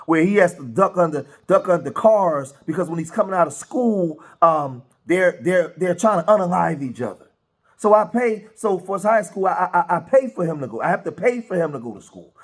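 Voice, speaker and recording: Brief: male commentary host, slightly higher voice, animated, keeps restarting phrases, asks rhetorical questions. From grew up in a rough city neighborhood. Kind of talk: casual commentary.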